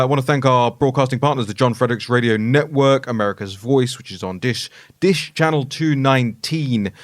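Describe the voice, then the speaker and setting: Brisk man hosting talk radio. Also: mid-range voice, no room sound. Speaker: guest host.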